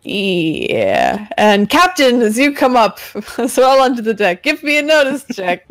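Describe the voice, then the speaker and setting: A woman's voice: on the high side, huge pitch swings, measured pace, faint music behind. Laid-back woman game master. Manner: casual, laughing, swears freely. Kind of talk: narrating a tabletop game.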